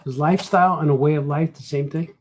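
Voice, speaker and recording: A man with a voice a bit on the high side chats casually while he draws. He rambles and mutters to himself in a loose, thinking-aloud way. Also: steady tone, fast. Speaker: cartoonist and comic shop host.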